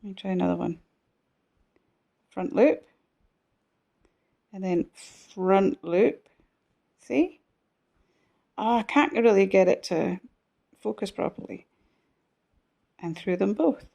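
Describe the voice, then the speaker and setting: Slow, chatty woman teaching crochet. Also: mid-range voice, expressive, creaky, mellow. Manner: chatty, self-deprecating, talks while stitching. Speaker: crochet tutor. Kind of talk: casual crochet tutorial.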